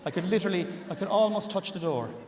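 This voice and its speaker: An Irish comedian tells his story on stage, voice pitched a little high. He drops low and confiding, then bursts out loud for the laughs. The sound rings around a large, reverberant theatre. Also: animated, rapid-fire, slight background noise. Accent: Irish, Cork. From Ireland. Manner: confiding, building to loud punchlines. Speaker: stand-up comedian. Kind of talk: stand-up storytelling. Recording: roomy theatre reverb with audience.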